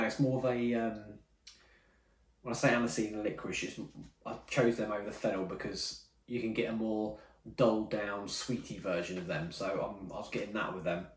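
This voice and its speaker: Chatty man reviewing whisky. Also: on the low side. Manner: rambling, self-correcting, chatty. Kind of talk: casual tasting-notes chat. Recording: roomy, mic at some distance.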